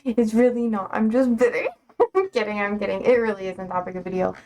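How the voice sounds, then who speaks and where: A woman's voice: medium pitch, fairly quick, darkish tone. A young woman hosting a livestream from home, chatting casually and playfully with her viewers in a sassy, teasing way. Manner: playful and self-described sassy, frequent laughs. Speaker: livestream host. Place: home, indoors.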